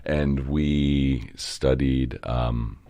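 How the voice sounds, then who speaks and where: A young man from the Baltimore area, an entrepreneur guest in a casual interview, rambling and animated, swearing now and then. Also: extremely low pitch, drawn-out words, creaky. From Baltimore area, Maryland.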